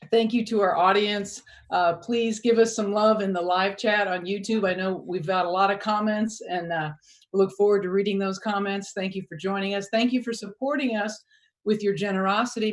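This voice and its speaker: A woman emceeing a storytelling evening in a chatty, thankful, casual way. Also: medium pitch. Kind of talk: casual hosting.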